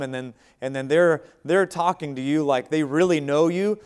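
A man's voice: on the high side, normal speed, hardly any pauses, darkish tone, smooth. An American man preaching a sermon, speaking in a conversational way with asides to the congregation. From United States. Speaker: pastor.

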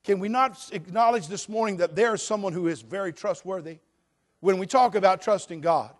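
A middle-aged pastor preaching to his congregation, his voice sitting a little high for a man. He rises to loud, ringing declarations, then drops low and slow to drive a point home. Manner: preaching with wide swings between loud proclaiming and quiet, slow emphasis. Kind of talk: sermon.

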